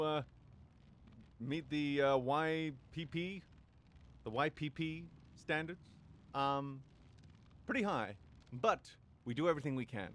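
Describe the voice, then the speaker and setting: A man's voice: medium pitch, a bit bright. A man talking casually on a live stream, rambling and joking crudely, with many fillers and restarts.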